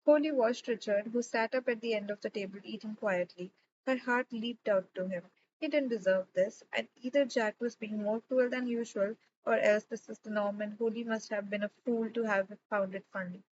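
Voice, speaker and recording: A woman narrating a novel chapter in a calm, measured reading. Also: medium pitch. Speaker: audiobook reader. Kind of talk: audiobook narration. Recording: slightly dull recording with faint noise.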